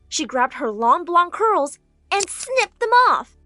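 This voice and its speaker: A woman's voice: on the high side, a little slow, faint music behind. A woman narrating a first-person storytime and acting out the dialogue. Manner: animated, acts out the dialogue.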